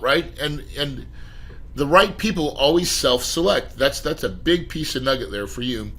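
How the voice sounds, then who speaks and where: A middle-aged man, a podcast guest, telling his life story in an emphatic, animated way and addressing the host directly. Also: on the high side, moderate pace, rough recording. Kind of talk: storytelling interview.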